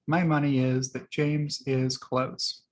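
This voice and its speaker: A man's voice: medium pitch, little pitch movement, takes it slowly. A man hosting his own video, casually talking through tweets he liked, rambling with many fillers and laughing at his own jokes. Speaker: video host.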